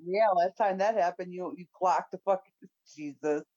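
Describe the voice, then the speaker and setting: A woman's voice: fairly low pitch, normal speed, mellow, no echo. A woman chiming in on a casual chat, teasing and laughing along. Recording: dry, dull lo-fi sound.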